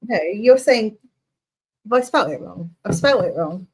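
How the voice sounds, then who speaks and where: A woman's voice: mid-range voice, lively intonation, measured pace, darkish tone, breathy edge, rough recording. A playful woman talks casually on a home video call, laughing often. She corrects her co-host's pronunciation with teasing confidence. Her voice comes through a phone, casual and unpolished. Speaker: livestream co-host. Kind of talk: casual chat.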